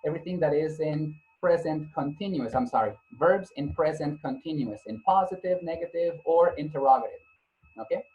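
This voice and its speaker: A man's voice: fairly high pitch, animated, a little fast, darkish tone, low-quality recording. A male English teacher giving a grammar lesson, patiently repeating points, spelling out letters and correcting himself as he goes. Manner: corrects himself mid-sentence.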